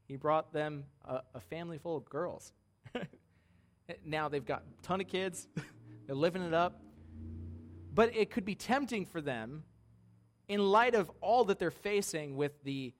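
A man in his thirties preaching a conversational sermon in a church, lively and laughing, often asking the congregation "right?". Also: fairly high pitch. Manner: conversational, animated, laughing, many tag questions. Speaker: pastor. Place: church sanctuary.

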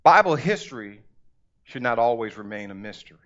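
A middle-aged male pastor preaching a sermon and reading scripture, with an emphatic delivery that calls on the congregation and slows down to stress key words. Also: medium pitch, sing-song, a bit bright. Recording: dull lo-fi recording.

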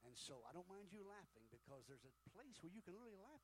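A man preaching a sermon, telling a story with folksy humor, shifting between hushed and loud. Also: high-pitched, big pitch swings, fast, hardly any pauses, a little hiss or hum, low-quality recording. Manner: dramatic, swings from hushed to loud. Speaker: pastor.

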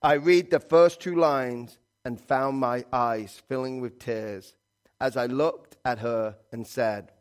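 A man preaching a sermon in an earnest, halting way, reading scripture and hymn lines aloud. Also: mid-range voice, fairly even intonation. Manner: earnest, halting, with restarts and quoted prayers.

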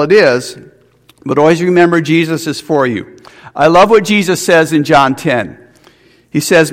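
A man's voice: on the high side, long reverb tail. A man preaching a sermon, earnest, with restarts and rhetorical questions. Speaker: pastor.

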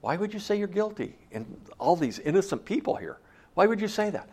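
A man's voice: sits high, big pitch swings, fairly quick, darkish tone, slightly rough, full character voice. A man playing a middle-aged traffic court judge who questions a defendant in disbelief. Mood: incredulous.

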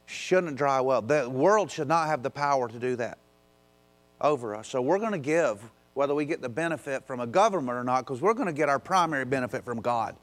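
A man pastor preaching a sermon in a conversational way, slipping into quick acted asides and pressing his listeners with urgent exhortations. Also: medium pitch, lively intonation.

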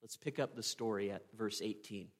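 A man preaching a sermon, retelling a story with earnest drama, pausing and asking "right?". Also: lowish voice. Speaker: pastor.

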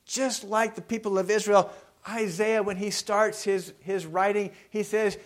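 A man pastor preaching a sermon in a conversational way, asking his congregation questions and moving between loud emphasis and quiet reflection. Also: high-pitched, fairly even intonation, a little slow.

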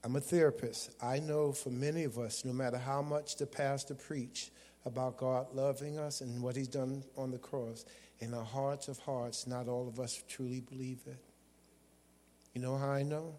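A man preaching a sermon as a guest preacher, calling out to the congregation and shouting at times. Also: mid-range voice, fairly even intonation, moderate pace. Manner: call-and-response preaching with bursts of shouting. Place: church sanctuary. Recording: long hall reverb.

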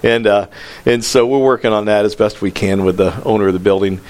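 A man's voice: lowish voice, fairly quick, darkish tone. A pastor delivering a sermon in a conversational way, raising his voice for emphasis. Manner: conversational preaching that rises in emphasis on quoted lines.

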